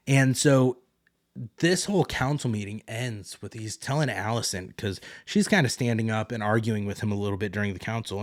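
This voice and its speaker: Casual man recapping a TV episode. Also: fairly low pitch. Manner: loose, rambling retelling with paraphrased quotes. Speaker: podcast host.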